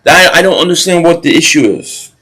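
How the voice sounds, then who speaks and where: Man, high voice, rambling live-stream chat, restarts sentences, reacts to plays. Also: lively intonation, brisk, bright, forceful tone, breathy edge, rough recording. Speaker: live stream watch party host. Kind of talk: casual live-stream chat reading viewer comments.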